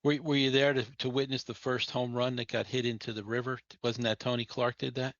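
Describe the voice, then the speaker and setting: A man's voice: medium pitch, little pitch movement, fairly quick, fairly bright tone, dry recording. Easygoing male interviewer, dry sound. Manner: easygoing, prompting questions, laughs along. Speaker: interviewer, team executive. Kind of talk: interview hosting. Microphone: video call. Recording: dry, dull video-call audio.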